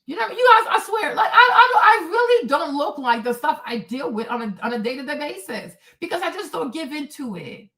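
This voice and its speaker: A high-voiced woman in her forties hosts her own livestream, ranting emphatically and animatedly, switching between shouting and quiet asides. She speaks fairly quickly with few pauses, candid and unscripted.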